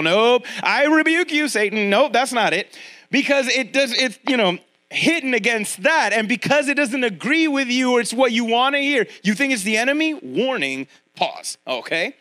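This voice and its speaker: A middle-aged man preaching a sermon as pastor, talking straight to his congregation and acting out voices as he goes. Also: extremely high pitch. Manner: conversational preaching, addresses congregation directly; animated, acts out quoted voices.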